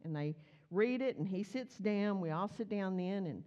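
A woman's voice: mid-range voice, moderate pace, lo-fi sound. A woman preaching a sermon, telling a story and acting out the voices in it. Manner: animated, acts out voices in her stories.

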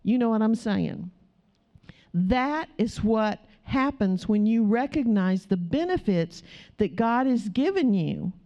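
A middle-aged woman telling a story in a sermon, acting out the dialogue as a lively storyteller. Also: a little high, takes it slowly. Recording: dull, slightly muffled recording.

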